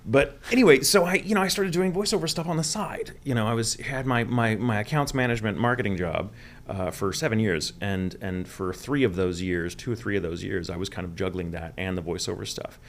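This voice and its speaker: A man's voice: on the low side, brisk. A man in his forties from Texas, a voice actor telling his story in a podcast interview, candid, profane and self-deprecating. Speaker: voice actor guest.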